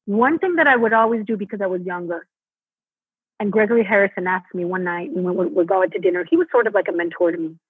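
Talking at a quick pace in a husky voice, a Broadway actress from Mexico chats animatedly in an interview. The tinny, phone-like recording has no echo, and she performs quotes with leaps in pitch.

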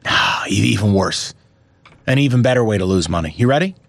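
A man co-hosting a sports betting chat, ranting with theatrical mock outrage and cursing, his voice jumping high when riled. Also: expressive, fairly quick, vocal fry, dry recording. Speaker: sports betting podcast co-host.

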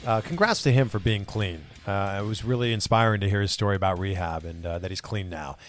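A man's voice: fairly low pitch, fairly quick, soft background music. A man hosting a podcast, chatting casually with a guest and then signing off with thanks and plugs in an upbeat way. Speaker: podcast host. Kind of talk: casual interview and sign-off.

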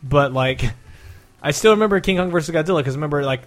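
A man in his thirties, a podcast co-host, telling animated stories in casual chat. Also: a little high, fast, soft background music. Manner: animated storytelling, swearing.

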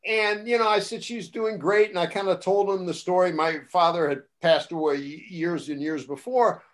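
An older man, a former wrestling broadcaster, telling casual stories on a talk show and acting out the voices of the people he quotes. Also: normal speed. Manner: animated, acts out quoted voices with rising pitch and loudness. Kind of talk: casual anecdotal storytelling.

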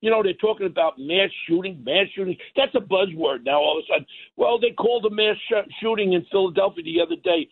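A man's voice: high-pitched, sing-song, fast, gravelly, husky. A middle-aged man, a guest, ranting bluntly and combatively about crime. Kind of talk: heated political talk. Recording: tinny phone line.

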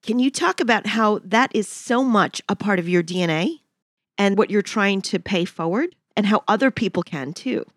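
A woman hosting an interview, affirming her guest and asking warm, encouraging questions. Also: mid-range voice, animated, normal speed, no room sound, clean studio sound. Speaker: host. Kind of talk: interview conversation.

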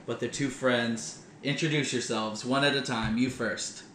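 A man's voice: medium pitch, fairly even intonation, a little slow, a bit bright, reverberant, a little hiss or hum. A man hosting a casual podcast chat, joking and teasing, often laughing.

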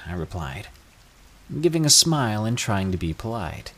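A man reading true scary stories aloud, with an expressive storytelling delivery. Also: on the low side, moderate pace, husky. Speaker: narrator.

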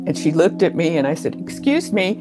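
A middle-aged woman with a notably low voice tells her story slowly, pausing often as she remembers. Soft music plays faintly underneath. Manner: slow, unhurried storytelling with pauses. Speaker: interview guest. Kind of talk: storytelling in an interview.

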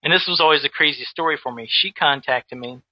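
Man, casual storytelling, animated, restarts often, dry close sound. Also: a little high, quick pace, dry recording, dull audio. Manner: animated, with many restarts and repeated words. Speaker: guest who makes custom action figures.

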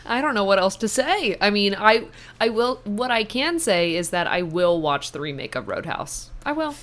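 Female co-host, mid-pitched, easygoing conversational delivery of sports headlines. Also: expressive, moderate pace, fairly bright tone. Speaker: co-host of a sports news show. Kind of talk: casual news chat.

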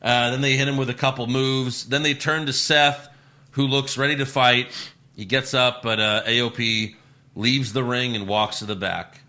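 A man's voice: medium pitch, steady tone, moderate pace, sharp tone. A man co-hosting a casual chat podcast, recapping events in a loose, jokey way. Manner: loose, laughing, jokey recapping with put-on voices. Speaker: podcast co-host recapping wrestling.

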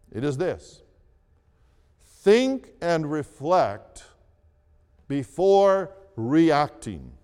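Slow, deliberate preaching man in a hall. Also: on the high side, darkish tone, smooth. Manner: slow, deliberate preaching with repeated phrases and emphatic rises. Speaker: pastor. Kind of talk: sermon. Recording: long reverb of a large hall.

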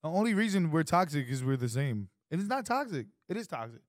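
A man in his twenties co-hosting a casual podcast chat, animated and profane, acting out quoted exchanges. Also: on the high side, fast talker, dry recording, studio quality. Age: 20s. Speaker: podcast co-host.

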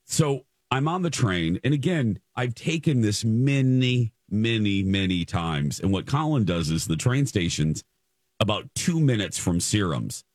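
A man's voice: lowish voice, sing-song, a little slow, dry recording, studio quality. A man hosting a radio show, telling a story in casual chat and stumbling over repeated words as he relives the moment.

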